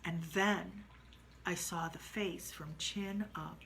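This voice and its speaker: Woman, ghost story teller, dramatic, hushed then loud, faint hiss behind. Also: fairly low pitch, fairly even intonation, takes it slowly, gravelly, rough recording. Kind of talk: telling a true ghost story.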